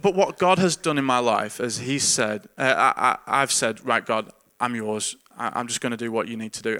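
A man's voice: mid-range voice, pushed and bright, clean tone. A man who is a pastor, giving an earnest, informal sermon with frequent repeated words and chuckles. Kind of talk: conversational sermon.

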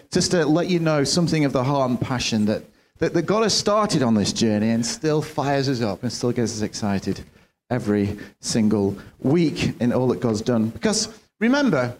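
A man's voice: medium pitch, a little mellow. A man preaching a sermon from a church platform, earnest and sometimes restarting his phrases. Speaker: pastor.

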